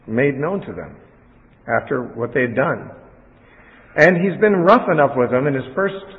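An earnest man reads scripture and teaches from it, his voice full of feeling. His voice has a middle pitch. The sound is thin and phone-like, with long reverb from a large hall. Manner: earnest, emotional, voice breaking as he reads. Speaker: Bible teacher. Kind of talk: sermon with scripture reading.

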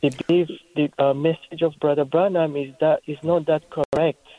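A man from Congo with a French accent, calling in earnestly and haltingly with a question. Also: fairly high pitch, fairly even intonation, dry recording. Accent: French-speaking Congolese. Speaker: caller. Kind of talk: call-in question. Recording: tinny phone line.

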